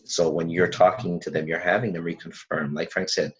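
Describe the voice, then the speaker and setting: A man co-teaching a sales class on a video call, coaching in an energetic, animated way. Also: deep voice, brisk, hardly any pauses, poor audio. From German and Hawaiian heritage, US. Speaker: co-instructor.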